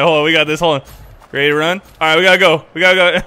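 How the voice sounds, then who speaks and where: A young man streaming a game live, excitable and swearing, swinging from loud outbursts to muttering. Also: a little high, very fast. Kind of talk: live-stream gaming chat.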